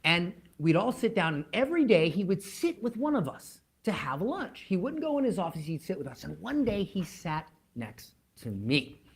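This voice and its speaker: A man's voice: high-pitched, sing-song, normal speed, vocal fry, hardly any pauses, breathy edge. A man speaking as a motivational speaker, telling a story to an online audience, emphatic and repeating words as he builds up, then dropping almost to a whisper. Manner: emphatic, with dramatic drops to near-whispers.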